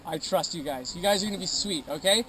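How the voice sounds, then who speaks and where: A high-voiced man briefs a tour group outdoors at a dog kennel, upbeat and joking, tagging "okay?" onto nearly every line. The outdoor recording is noisy, with clear ambient sound behind him. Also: fast talker. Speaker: sled dog tour guide.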